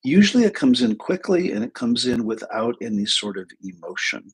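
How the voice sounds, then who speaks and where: A man's voice: medium pitch, big pitch swings, fairly quick, vocal fry, husky, rough recording. A middle-aged man hosting a casual livestream as a psychic teacher, talking in a rambling, anecdotal way with many asides. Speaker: host, psychic and intuitive teacher.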